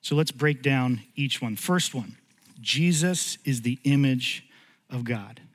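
A man in his thirties preaching a sermon as a pastor, telling stories animatedly and dropping low and slow when he turns earnest. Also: big-room sound. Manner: animated storytelling, voice jumps high for acted quotes, drops low and slow when earnest. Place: church sanctuary.

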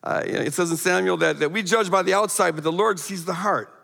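A middle-aged man preaching as a guest speaker in a church. His voice sits high and has a gravelly edge. He talks animatedly, with emphatic rises and a lot of stammered restarts, and a long hall echo trails behind him. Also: fast talker, a bit bright. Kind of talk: sermon storytelling. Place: church sanctuary.

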